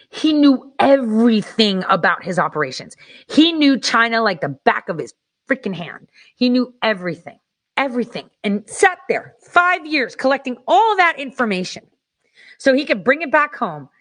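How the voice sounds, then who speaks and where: A woman's voice: a little high, sing-song, moderate pace. Fiery, profane woman show host. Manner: profane, heated, repeats herself. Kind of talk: angry political commentary.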